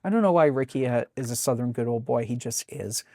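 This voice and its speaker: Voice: mid-range voice, animated, brisk, darkish tone, dry recording. A webcomic artist casually narrating a sketchbook tour, talking in a rambling, chatty way with many fillers.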